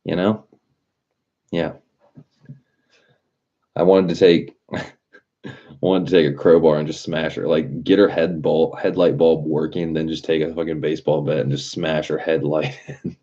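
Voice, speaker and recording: Male streamer, very deep mellow voice, profane rambling storyteller. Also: flat delivery, unhurried, long pauses, dull audio. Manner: profane, rambling storyteller who laughs at his own stories. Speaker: livestream host. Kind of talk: casual livestream chat.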